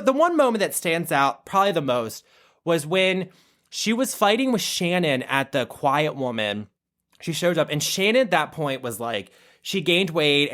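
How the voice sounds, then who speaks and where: Lively, profane gossiping podcast host man. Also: a little high. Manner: animated, profane, gushing fan talk. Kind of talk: casual gossip monologue.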